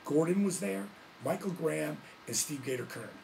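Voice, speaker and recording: A man hosting his vlog, telling a story in a casual, animated way, full of slang and frequent laughs. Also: a little high, moderate pace, gravelly, slight background noise. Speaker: vlog host, former wrestler.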